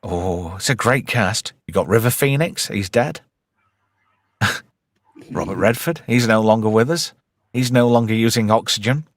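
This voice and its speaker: A man's voice: on the low side, normal speed, long pauses, no room sound, clean studio sound. A man hosting a casual podcast chat, sweary, jokey and rambling. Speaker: podcast host.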